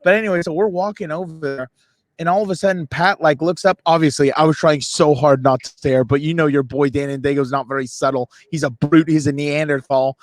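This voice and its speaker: A man co-hosting a sports podcast, telling an excited, self-mocking story and acting out the other people in it. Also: on the high side, fairly quick, dry recording. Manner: animated, self-mocking, voices others in quotes. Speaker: podcast co-host. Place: radio row event booth.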